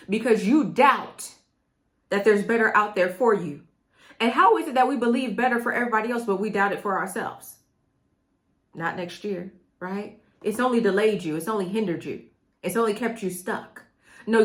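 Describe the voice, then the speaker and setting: A middle-aged woman coaching her viewers on mindset, talking straight to them in an emphatic, preachy way that keeps repeating phrases. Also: mid-range voice. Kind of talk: motivational talk to camera.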